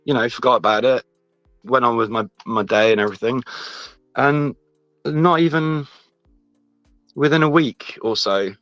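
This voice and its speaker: A man telling a personal story in casual chat, halting and restarting often. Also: mid-range voice, fairly bright tone, no room sound. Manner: rambling, halting, many restarts. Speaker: guest. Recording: dull lo-fi sound, faint music behind.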